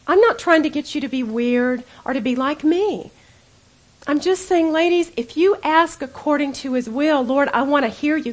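A woman giving a conversational storytelling sermon to women, earnest, dropping to a hush when she acts out her own prayers. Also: sits high. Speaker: women's Bible teacher.

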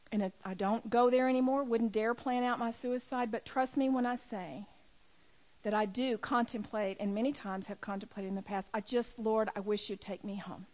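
A middle-aged woman speaking to a room as a women's ministry speaker, telling a personal story with emphatic, building delivery. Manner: storytelling, emphatic, rising to near-shouting at high points. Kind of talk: personal testimony talk. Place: room with a live audience.

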